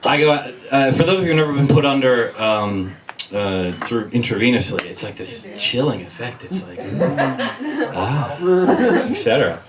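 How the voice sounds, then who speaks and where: Profane, animated male stand-up comic. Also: medium pitch, normal speed. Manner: profane, animated, self-mocking. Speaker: stand-up comedian. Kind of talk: stand-up storytelling. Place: bar comedy night stage. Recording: distant mic with crowd laughter. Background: audience laughter.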